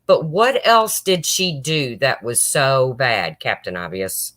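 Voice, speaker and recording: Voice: mid-range voice, animated, slow pace, few pauses, a bit bright. A livestream host talking emotionally to viewers and answering chat, close to tears. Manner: emotional, talks straight to viewers.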